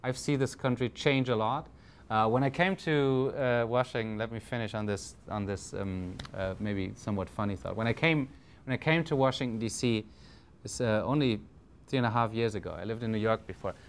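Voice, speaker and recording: A man's voice: on the low side, fairly quick, clear, resonant tone. A man with a German accent giving a conference talk, hesitant, with many fillers and restarts. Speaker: panel speaker.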